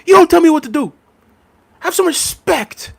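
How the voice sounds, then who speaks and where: A man putting on an impression of a stubborn male football pundit who scolds in an indignant, drawn-out, shouty way. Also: extremely high pitch, animated, vocal fry, pitched above the performer's own voice, exaggerated voice.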